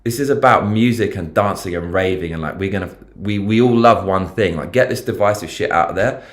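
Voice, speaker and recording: A man with a London English accent hosts a casual livestream, his low voice running a little fast. Rambling, slangy and freely profane, he talks over the news and reads out viewer comments.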